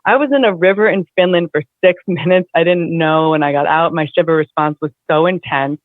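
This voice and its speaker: A woman guest in a casual conversation, talking in an animated, chatty way with lots of fillers. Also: sits low, a little fast, dry recording. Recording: dry, tinny phone-like line.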